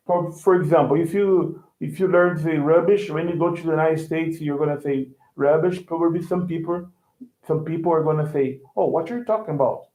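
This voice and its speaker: In an echoey, tinny online call, a man with a fairly high-pitched but dark-toned voice teaches English at a brisk clip. He restarts often while explaining and keeps checking that he's understood.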